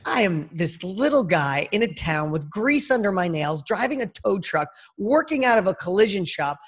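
A man in his fifties, a podcast guest, telling a personal story in an energetic, slangy way and talking straight to the host. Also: sits high, normal speed, slightly rough. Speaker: interview guest. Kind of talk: casual storytelling.

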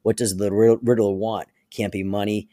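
A man voicing a grim, brooding male crime-fighter's inner monologue in a low mutter. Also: little pitch movement, moderate pace, warm tone, no room sound, clean studio sound, lightly acted.

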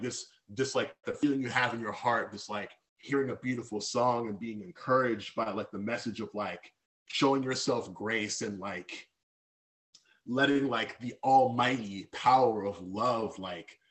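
Guy talking slow and thoughtful on a podcast, lots of likes and ums, lower voice. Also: fairly bright tone. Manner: reflective, many fillers and restarts. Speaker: podcast guest. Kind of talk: candid personal conversation.

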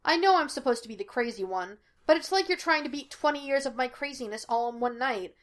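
Woman reading as an excitable, teasing young detective. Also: high-pitched, voice pushed up. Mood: excited. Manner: excitable, teasing, quick banter. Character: lively wisecracking young male psychic detective.

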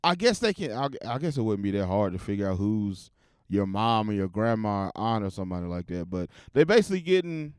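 Casual podcast host, man, lowish smooth voice, loose and profane, dry close sound. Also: very animated, a little fast, no room sound. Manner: loose, profane, rambling with restarts. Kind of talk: casual solo podcast talk.

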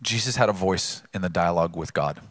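Male pastor, sermon delivery. Bright, forceful voice, dry close mic. Earnest, swings between emphatic peaks and low asides. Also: a little fast, no room sound. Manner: animated storyteller.

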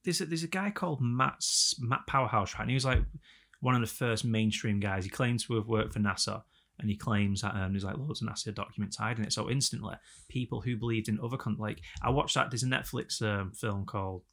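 A young man co-hosting a podcast, rambling in a sweary, animated casual chat. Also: on the low side, fairly quick, creaky. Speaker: podcast co-host.

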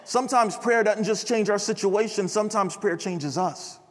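A young man preaching at a chapel service in a casual, animated storytelling manner. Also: high-pitched, moderate pace. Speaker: chapel speaker. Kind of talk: sermon with storytelling. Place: large chapel hall. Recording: reverberant hall.

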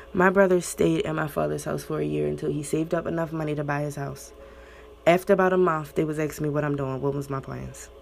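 A young woman talking candidly and profanely about relationships and family, with loud high bursts when she gets worked up. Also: creaky, slight background noise. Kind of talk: candid casual monologue.

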